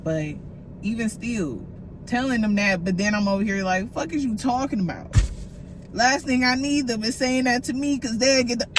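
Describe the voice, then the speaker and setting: A woman's voice: on the high side, normal speed, noisy background. A woman hosting a solo podcast, telling stories in loose slang and laughing often. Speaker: podcast host. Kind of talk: casual solo podcast talk.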